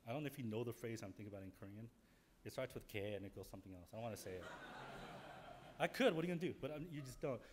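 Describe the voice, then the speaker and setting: Animated male pastor preaching a sermon. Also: mid-range voice, a little hiss or hum. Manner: candid storytelling with sudden loud outbursts.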